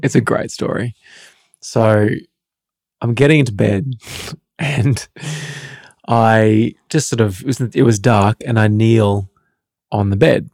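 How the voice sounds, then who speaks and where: A man's voice: fairly low pitch, slow, creaky, pauses often, a little mellow, no echo, clean studio sound. A man co-hosting a podcast with his wife, telling stories with self-mocking humour. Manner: joking, self-mocking storyteller. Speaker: co-host, husband. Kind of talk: casual podcast chat.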